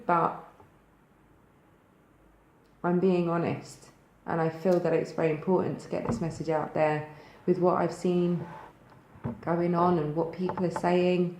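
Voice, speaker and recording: A woman with a Thanet accent from Kent speaks on her own channel in a frank, emphatic, casual way, swearing freely. Her voice sits on the low side. The room around her is echoey. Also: vocal fry, a little mellow. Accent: English, Thanet in Kent. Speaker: spiritual video host. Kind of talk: casual direct-to-camera talk.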